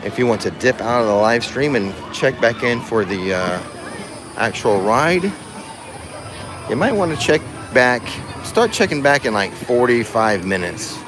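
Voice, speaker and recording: At a slightly slow pace and medium pitch with lively intonation, a vlogger hosts a laid-back theme park livestream, joking around with his audience. Background noise is present, and music is clearly audible behind him.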